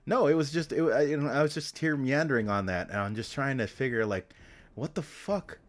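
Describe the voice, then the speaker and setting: A man's voice: medium pitch, fairly quick. A man streaming, talking to himself in a meandering, casual way, swearing often and trailing off into restarts. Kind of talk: casual rambling stream talk.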